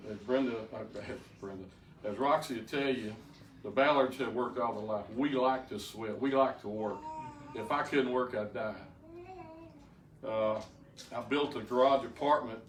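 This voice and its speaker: An older man with a medium-pitched voice gives a folksy personal testimony to a group, a plainspoken storyteller who often stammers into restarts. The room is echoey, the mic distant, with faint noise in the background.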